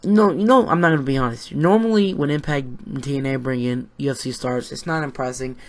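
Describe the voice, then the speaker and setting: Excitable and swearing freely, a man casually recaps a wrestling show in a rambling way, with many fillers and restarts. His voice is mid-range and a little fast.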